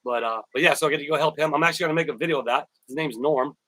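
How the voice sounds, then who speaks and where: Chatty man live-streaming, bright dry voice. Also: a little high, rapid-fire, no room sound, poor audio. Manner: rambling, repeats words, thanks viewers by name. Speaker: YouTuber live-stream host. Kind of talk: casual live-stream chat.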